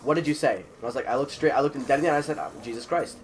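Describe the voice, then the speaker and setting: A man's voice: medium pitch, very fast, slight background noise. A teenage boy with a cold, animatedly retelling a school story and acting out the other people's lines. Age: teens. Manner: animated, retelling with quoted voices. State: sick, a bit congested. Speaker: vlogger. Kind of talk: casual storytelling.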